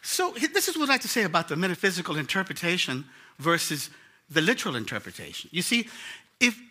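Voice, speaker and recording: Animated older man giving a chatty sermon. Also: sits high, fast. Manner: chatty and animated, with rhetorical questions and storytelling. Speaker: church board president giving a lesson. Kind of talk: lay sermon to a congregation.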